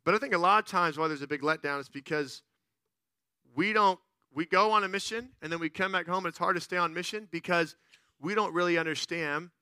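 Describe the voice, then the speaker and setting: A man preaching a sermon in an animated way, swinging from loud excited bursts to quiet earnest stretches and playfully acting out the people he quotes. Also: high-pitched, brisk, clear, resonant tone, no room sound, clean studio sound. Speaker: pastor.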